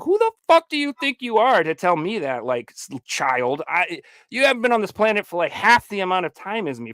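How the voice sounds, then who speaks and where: A man's voice: medium pitch, a bit bright, dry recording. A man hosting a podcast, ranting heatedly and profanely in casual talk, now and then mocking people in made-up quotes. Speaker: podcast host.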